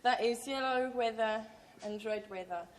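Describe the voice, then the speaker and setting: High-voiced young woman reading mock news. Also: normal speed. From Canada. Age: 20s. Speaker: game show contestant. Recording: noisy hall recording.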